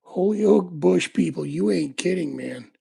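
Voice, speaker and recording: While working a lock on a relaxed livestream, a man talks to his viewers in a gravelly, quite husky, high-pitched voice with a dark tone. He's animated but a little slow, and his stories ramble along with plenty of ums and likes.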